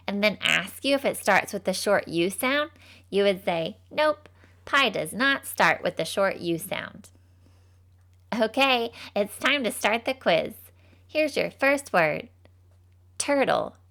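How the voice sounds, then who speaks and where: A young woman voicing a cheerful, folksy teacher character, leading a scripted phonics lesson for children slowly and patiently. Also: mid-range voice, gravelly, fairly bright tone, heavily acted. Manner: slow, patient, encouraging.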